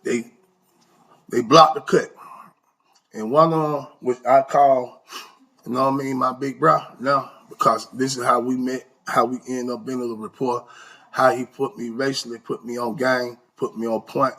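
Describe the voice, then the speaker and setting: A man telling an animated, slang-heavy story in a casual way, his voice leaping up for emphasis. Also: mid-range voice, normal speed. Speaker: storyteller recounting prison life.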